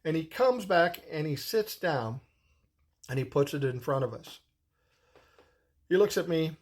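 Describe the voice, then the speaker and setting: A man's voice: on the high side, animated, unhurried. A man in his sixties telling a personal story in a casual, rambling way, swearing freely as he goes. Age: 60s. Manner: profane, rambling, conversational.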